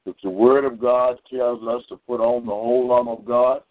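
A man's voice: mid-range voice, flat delivery, normal speed. A man preaching over a phone call, telling a story and restarting his words often. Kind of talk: preaching testimony. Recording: tinny phone line, dry.

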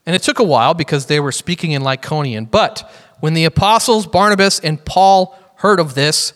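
Male preacher, fairly high voice, casual joking sermon, reverberant hall. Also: normal speed, fairly bright tone. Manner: casual, joking Bible teaching.

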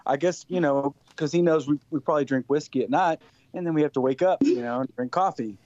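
Male guest, West Texas, country singer, rambling storyteller, slightly high voice, dry and dull lo-fi sound. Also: quick pace, darkish tone, dry recording. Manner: rambling, laughing, repeats words. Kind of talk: casual storytelling.

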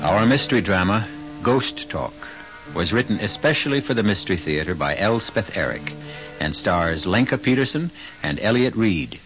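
Male radio host, wry, theatrical, lively pitch, muffled old broadcast with music underneath. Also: normal speed. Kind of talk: theatrical scripted introduction.

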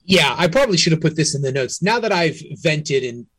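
A man's voice: on the high side, lively intonation, a little fast, sharp tone, slightly rough, dry recording. A man co-hosting a real estate podcast, talking frankly and casually, often restarting his sentences. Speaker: realtor podcast co-host.

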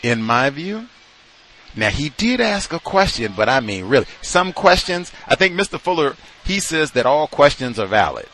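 A man's voice: a little high, very animated, normal speed, fairly bright tone, a little hiss or hum. A man hosting a radio talk show, giving emphatic commentary and now and then acting out the voices of people he quotes. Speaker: radio host.

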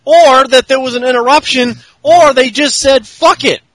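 A fairly high-pitched man with a bright, sharp edge to his voice, chatting casually and crudely as a podcast host. He rambles, swears freely and keeps drifting into mocking impressions. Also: fairly even intonation, normal speed, no room sound, low-quality recording. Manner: profane, rambling, breaks into mock voices. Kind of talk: casual crude comedic recap chat.

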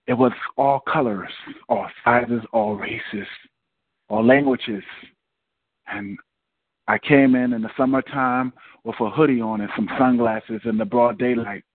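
A man's voice: medium pitch, steady tone, a little slow, no echo. Man reciting spoken word over a phone line. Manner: hesitant, soft-spoken chat before reading; dramatic, rising, impassioned recitation. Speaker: guest poet. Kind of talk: spoken word poetry performance.

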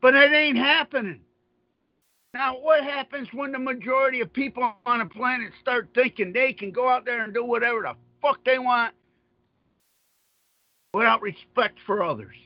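A man's voice: very high-pitched, moderate pace. A man rants in heated, profane bursts, circling back to the same points again and again. The sound is dull and lo-fi, and the room is dry with no echo. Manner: angry, profane, repetitive. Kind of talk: heated political rant.

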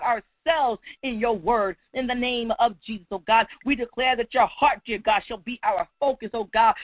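A woman's voice: a little high, dry recording. A woman leading a fervent spoken prayer, repeating "oh God" between phrases and rising to cries. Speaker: prayer leader. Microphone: phone line. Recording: tinny phone line.

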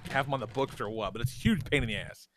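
A man co-hosting a casual comedy podcast, telling profane, animated stories and acting out his son's voice. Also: medium pitch, quick pace, a little hiss or hum. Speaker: podcast co-host.

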